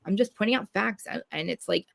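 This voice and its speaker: A woman hosting a live podcast, talking fast and loud in blunt, swearing casual chat. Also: medium pitch, gravelly, dry recording. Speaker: podcast host.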